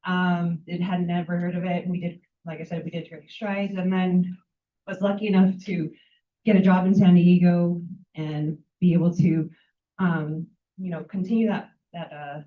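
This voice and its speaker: A woman in her thirties, close to tears, gives a halting impromptu farewell speech at an event. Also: on the low side, flat delivery. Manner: halting, full of fillers and restarts. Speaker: nonprofit fundraising staff member. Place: event room with audience. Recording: echoey, distant, tinny phone-like sound.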